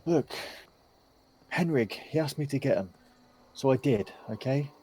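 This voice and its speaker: A man's voice: mid-range voice, lively intonation, a little slow, warm tone, breathy edge, pitched above the performer's own voice. A man voicing a nervous young male gravedigger who pleads defensively.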